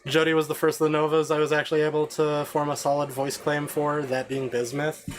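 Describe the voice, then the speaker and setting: A man's voice: fairly high pitch, completely flat delivery, a little fast, slight background noise. A man streaming a game, chatting casually with viewers and rambling with many fillers and restarts at a home desk mic.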